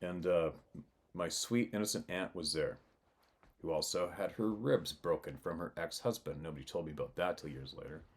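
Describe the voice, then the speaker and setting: A man with a fairly low voice hosts his own channel, delivering a loose, rambling storytelling monologue at a moderate pace. He's blunt and swears freely, laughing along and often breaking off sentences to restart them.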